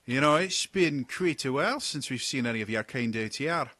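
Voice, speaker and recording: A man doing a loud brash pirate captain. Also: mid-range voice, expressive, normal speed, dry recording, pitched above the performer's own voice. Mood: boisterous. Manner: loud, blunt, teasing.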